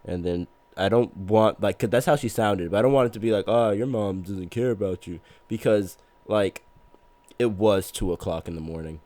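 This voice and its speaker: Male podcast guest, lower register, loose rambling storyteller who laughs at himself. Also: normal speed, darkish tone, dry recording. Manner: rambling, self-mocking, laughs through his words. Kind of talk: casual storytelling chat.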